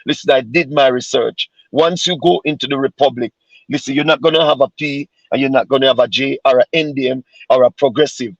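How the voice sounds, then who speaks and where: A Jamaican man who works as a street pastor talks earnestly on a live call, circling back over the same words as he finds his way. His voice is gravelly and husky. The sound is dry and dull, like a lo-fi recording. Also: mid-range voice, brisk, no echo. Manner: repeats words while searching for them, earnest.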